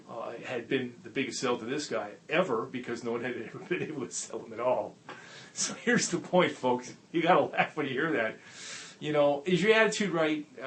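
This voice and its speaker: Brief: male host, mid-pitched, folksy storyteller, earnest motivator, tablet mic, faint background hiss. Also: a bit bright. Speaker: network marketing trainer and show host. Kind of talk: casual to-camera video talk and storytelling. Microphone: tablet's built-in mic.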